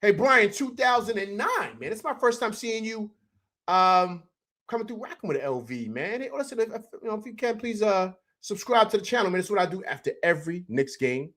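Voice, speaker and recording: Animated man talking sports, lively pitch. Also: fairly quick. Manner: excited, animated, repeats "man" and "you know what I'm saying". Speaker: host of a postgame livestream. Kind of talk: casual sports commentary over highlights.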